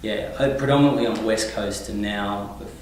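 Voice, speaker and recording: A man's voice: fairly low pitch, brisk, slight background noise. Rambling Australian man, echoey distant mic. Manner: relaxed, rambling, many fillers and restarts. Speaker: touring singer-songwriter, guest. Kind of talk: casual interview.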